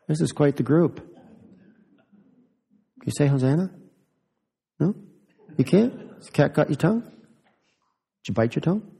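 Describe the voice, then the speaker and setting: Playful pastor, high voice, echoey church. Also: male voice, lively intonation, unhurried, gravelly, long pauses, mellow. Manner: playful, teasing questions to children. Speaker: pastor giving a children's sermon. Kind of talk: children's sermon.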